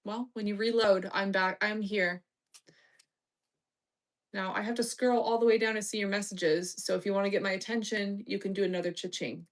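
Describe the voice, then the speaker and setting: Woman streamer, mid-pitched, teasing and bossy, curses under her breath when distracted. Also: steady tone, normal speed. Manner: swears, distracted and muttering. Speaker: livestream host reading chat. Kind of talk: casual live-stream chat.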